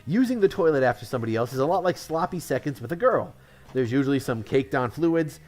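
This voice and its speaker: A man's voice: mid-range voice, expressive, fast, darkish tone, faint music behind. A man from Connecticut telling one-liner jokes, chuckling at his own punchlines and commenting offhandedly on them. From Connecticut, USA. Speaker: comedian.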